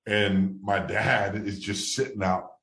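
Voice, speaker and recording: Deep-voiced man in an echoey room. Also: slow pace. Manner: rambling, many restarts, low-key then excited. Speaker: former baseball player, guest. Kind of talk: casual storytelling interview.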